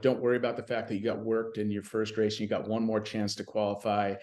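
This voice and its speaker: A man telling stories as a guest in a casual podcast conversation, animated and chatty, often saying "you know what I mean.". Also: fairly low pitch. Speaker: podcast guest, BMX announcer.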